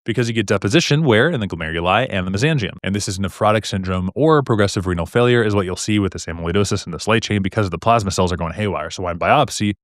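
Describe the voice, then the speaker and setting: Recorded cleanly in a studio with no echo, this young man's somewhat low voice moves fast through medical exam material. His casual lecture is conversational and jokey, and he keeps posing rhetorical questions.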